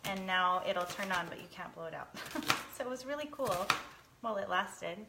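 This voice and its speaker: Streaming live from her home kitchen, a lifestyle host in her thirties chats and laughs with viewers while onions make her teary. Her medium-pitched voice is gravelly at normal speed, over heavy background noise.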